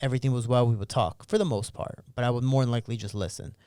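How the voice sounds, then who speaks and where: A man's voice: mid-range voice, steady tone, fast, mellow, clean tone, no echo, clean studio sound. A man in his thirties, a podcast guest, telling personal stories candidly in casual interview talk. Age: 30s. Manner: candid, storytelling, acts out quoted voices. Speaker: podcast guest, MMA fighter.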